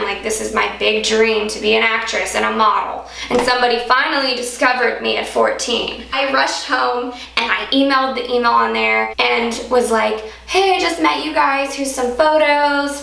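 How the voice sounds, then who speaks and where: Chatty young woman with a gravelly voice. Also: on the high side, bright, forceful tone. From Alaska. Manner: chatty, heavy use of "like". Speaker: vlogger. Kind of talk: casual story-time monologue. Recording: echoey room.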